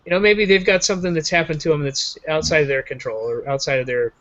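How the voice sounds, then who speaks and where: Speaking fast in a steady, slightly bright voice on the high side, a man hosts a show and chats jokingly over a video call, rambling and mocking himself. The audio is dull, lo-fi online call sound.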